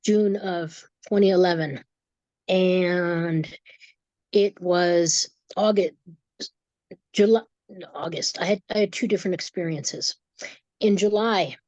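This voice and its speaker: A woman's voice: mid-range voice, a little mellow, dry recording. Emotional woman telling a personal story. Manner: emotional, halting, with many restarts. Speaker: guest, energy reader.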